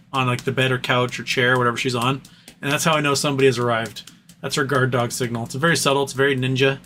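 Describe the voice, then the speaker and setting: A man's voice: mid-range voice, a bit bright, slight background noise. A man hosting a casual livestream, reading viewer comments aloud in a rambling, playful way and chatting to his dog. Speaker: livestream host.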